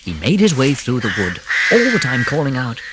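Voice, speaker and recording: An audiobook narrator reading a classic storybook, expressive, with whispered moments of suspense. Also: medium pitch, fairly quick, very noisy.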